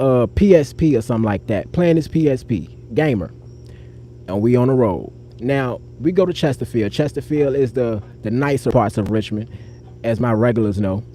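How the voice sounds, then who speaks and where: Slangy man with a mellow, dark voice. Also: a little hiss or hum. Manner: loose, slangy, talks straight to the chat and breaks off the story; acts out other people's voices with sharp jumps up in pitch. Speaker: storyteller and streamer. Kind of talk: live-streamed personal storytelling.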